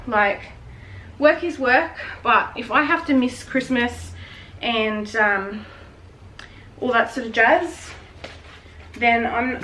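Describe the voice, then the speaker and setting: A woman's voice: a little high, fairly bright tone, slight background noise, low-quality recording. A pregnant woman in her late twenties, chatting frankly and a little out of breath while she wraps gifts at home. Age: late 20s. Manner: frank, chatty, swears and laughs often. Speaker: vlogger. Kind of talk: casual chat while wrapping gifts.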